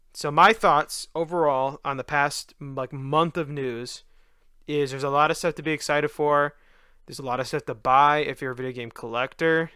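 A man's voice: mid-range voice, bright, forceful tone, clean tone, no echo, clean studio sound. Tired young man rambling on a podcast. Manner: casual, loose, with many fillers and restarts. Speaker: podcast host.

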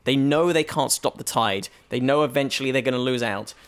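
A man's voice: medium pitch, brisk, clean tone. A British man, a comedian, chatting casually on a podcast and telling a meandering story full of restarts. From Britain. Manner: rambling storyteller with many restarts. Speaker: comedian guest. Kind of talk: casual chat.

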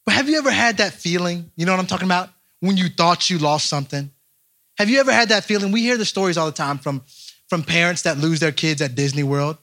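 A young man, a pastor, preaching a lively storytelling sermon straight to his congregation. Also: sits high, quick pace. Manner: animated, speaks straight to the congregation.

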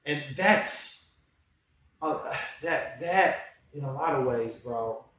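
A man talking casually about faith in slangy speech, dropping into hushed reflection and then rising into excited preaching. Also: on the high side, slow. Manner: casual slang, calls listener bro. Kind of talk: casual faith podcast chat. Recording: echoey room, distant from mic, faint background noise.

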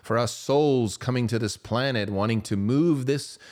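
A man's voice: medium pitch, normal speed, darkish tone, natural voice. A man voicing a three-year-old child who speaks in a grand, theatrical stage-play manner. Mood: solemn.

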